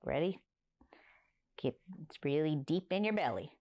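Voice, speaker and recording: امرأة من نيوفاوندلاند تقدّم ساعة قصص للأطفال في المكتبة، بصوت منخفض قليلاً ونبرة متقلّبة حيوية، تخاطب الصغار مباشرة. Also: female voice, low voice, a little slow, dull audio. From Newfoundland, Canada. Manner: animated, coaxing, talks straight to young children. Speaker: public library story time host. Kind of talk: children's story time.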